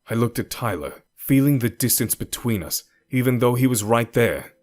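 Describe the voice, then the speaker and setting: A man narrating a first-person romance story in an expressive storytelling manner. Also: mid-range voice, normal speed, few pauses. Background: faint music.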